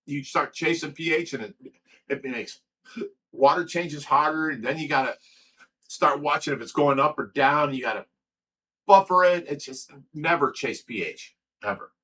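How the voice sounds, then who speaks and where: A man's voice: on the high side, moderate pace, fairly bright tone, slightly rough. A man hosting a casual livestream, blunt and rambling, reading chat comments aloud and talking at length. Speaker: livestream host. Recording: from a distance with faint background noise.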